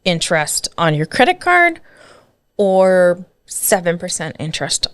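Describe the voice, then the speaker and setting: A woman's voice: on the low side, sing-song, measured pace, clean tone, dry recording. A woman in her thirties hosting a casual podcast as a real estate agent, laughing easily and chiming in with short replies.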